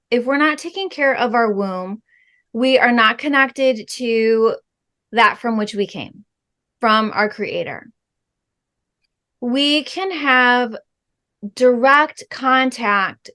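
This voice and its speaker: A middle-aged woman guest talks as a spiritual healing guide, her voice a little on the high side. She speaks slowly and earnestly, pausing often. Her sentences are measured and sprinkled with soft fillers. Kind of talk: interview answer, spiritual teaching.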